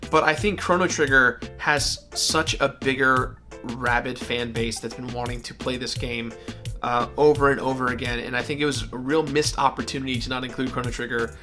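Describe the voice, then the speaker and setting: A man telling a personal story in a casual, animated way, with a few fillers. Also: medium pitch, moderate pace, faint music behind. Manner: animated, acts out family voices in his anecdotes. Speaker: guest gamer.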